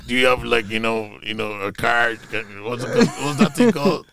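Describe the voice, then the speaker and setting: A man's voice: medium pitch, animated, a little fast, gravelly, hardly any pauses, a loud crowd. A man, a guest telling rambling, laughing stories in a casual chat. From Ireland. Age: 30s. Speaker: podcast guest.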